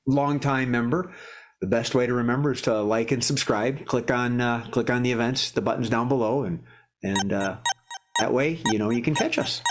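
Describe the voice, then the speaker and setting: A man's voice: medium pitch, slight background noise. A man hosting a live improv comedy show, rambling and joking with lots of restarts. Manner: rambling, jokey, many restarts. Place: warm indoor studio.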